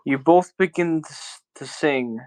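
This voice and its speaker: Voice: medium pitch, unhurried, darkish tone, low-quality recording. A game master narrating a tabletop game in a casual way, with loose phrasing and lots of fillers.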